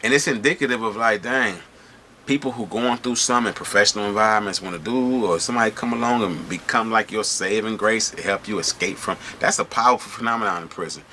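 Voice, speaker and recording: Brief: middle-aged man, lowish forceful voice, animated slangy storyteller who keeps asking if you follow. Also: quick pace, slight background noise. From Michigan. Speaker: host telling prison stories. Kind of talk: casual storytelling to camera.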